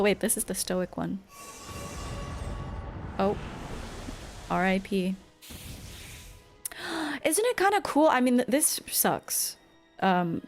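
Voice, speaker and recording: A woman's voice: mid-range voice, a little mellow. Young woman streamer, casual commentary, chatty and exclamatory, faint game music under. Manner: chatty, exclamatory, laughs often. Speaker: gaming streamer.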